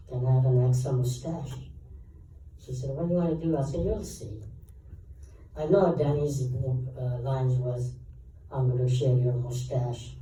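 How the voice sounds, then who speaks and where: A man with a dark, mellow voice, a guest actor spinning lively anecdotes on a panel and acting out the lines of everyone in his stories. He is heard from across a big echoey convention hall with a faint hum underneath. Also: medium pitch. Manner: animated anecdotes, acts out quoted dialogue. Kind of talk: storytelling Q&A answers. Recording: echoey hall, taped from far off.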